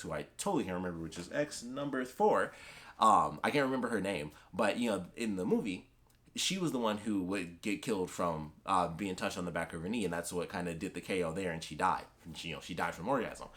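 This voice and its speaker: A young man chatting casually about a comic he read, rambling and excitable with many fillers and restarts. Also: low voice. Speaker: comic book vlogger. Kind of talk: casual chat.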